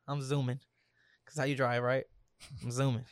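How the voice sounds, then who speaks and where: A man's voice: medium pitch, normal speed, no echo, studio quality. A young man telling a made-up scenario in casual chat with a friend, acting out every exchange in slang. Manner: animated storyteller, acts out quotes with slang. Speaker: storyteller in a hypothetical scenario game. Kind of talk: casual banter between friends.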